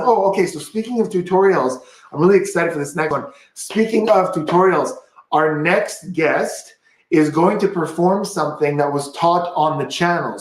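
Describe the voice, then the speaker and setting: A man's voice: fairly high pitch, roomy sound. A man hosting a casual magic livestream, upbeat and chatty, walking through a card trick step by step.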